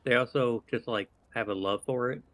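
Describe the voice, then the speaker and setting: A man's voice: mid-range voice, moderate pace, a bit bright. A man chatting casually on a podcast, laid-back and a little hesitant. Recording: noisy mic with clicks.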